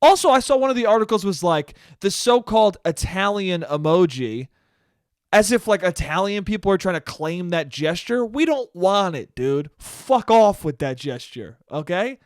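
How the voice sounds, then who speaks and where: A young man hosting his own podcast, ranting in a profane, animated way. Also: high voice, moderate pace, dry recording, clean studio sound. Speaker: podcast host. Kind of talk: solo comedic podcast rant.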